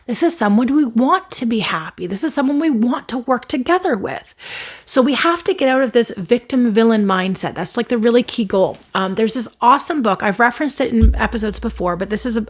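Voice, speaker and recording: A woman hosting her own podcast, talking earnestly about conflict and healing and acting out the replies she suggests. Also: mid-range voice. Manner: earnest, coaching, acts out quoted replies in shifting tones. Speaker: podcast host. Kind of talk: solo podcast talk on healing.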